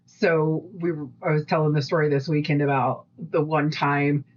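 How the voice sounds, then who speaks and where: A woman co-hosting a podcast, chatting casually and rambling through stories with lively quoted voices. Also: low-pitched, normal speed, dull audio. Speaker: podcast co-host. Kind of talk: casual chat.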